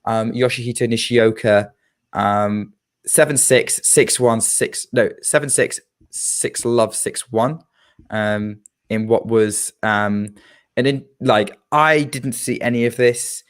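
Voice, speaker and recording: A man's voice: mid-range voice, fairly even intonation, slow pace. A man co-hosting a tennis podcast, talking casually and hesitantly with many filler sounds. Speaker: podcast co-host.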